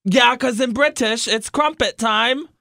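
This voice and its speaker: A young man doing a clumsy put-on British gentleman as a comic radio bit, reading every sentence with the same flat tone and cadence. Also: very high voice, a little slow, vocal fry, no room sound, clean studio sound, heavily acted. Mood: goofy. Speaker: studio intern.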